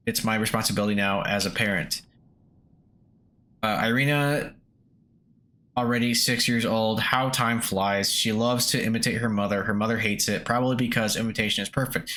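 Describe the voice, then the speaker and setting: A man's voice: lowish voice, bright, forceful tone. A man voicing an old male miner reading his journal aloud in broken English with a Russian accent.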